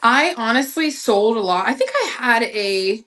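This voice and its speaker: A woman's voice: a little high, expressive, measured pace, a bit bright. A young woman with a chatty, gushing manner, full of slang and fillers, selling clothes on a live stream.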